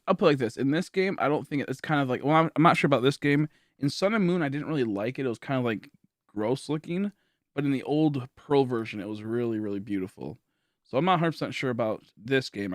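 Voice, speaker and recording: A man's voice: mid-range voice, expressive, fairly quick, dry recording, studio quality. Tired young man rambling on stream. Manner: rambling, filler-heavy, thinking aloud. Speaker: game streamer. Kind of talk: casual livestream chat to viewers. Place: at home, indoors.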